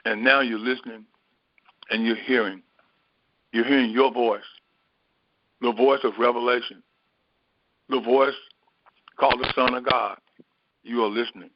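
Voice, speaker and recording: A man giving a slow, reflective spiritual teaching, pausing often and filling gaps with small hesitations. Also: mid-range voice, steady tone, dry recording, highs cut off. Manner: slow, reflective, with many pauses and fillers. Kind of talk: sermon.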